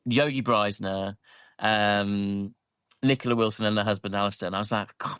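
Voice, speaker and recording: A man's voice: medium pitch, fairly bright tone, clear, resonant tone, no room sound, clean studio sound. A man co-hosting a podcast, telling chatty stories in casual talk with many ums and restarts. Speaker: podcast co-host. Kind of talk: casual chat.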